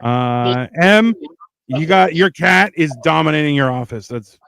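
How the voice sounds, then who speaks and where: A laid-back man hosting a podcast, reading out viewer comments with wry, rambling asides. His voice sits somewhat high for a man. It is recorded close and dry, with no room sound. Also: expressive, measured pace, vocal fry, fairly bright tone, smooth, dry recording. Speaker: podcast host. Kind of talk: casual chat reading live comments.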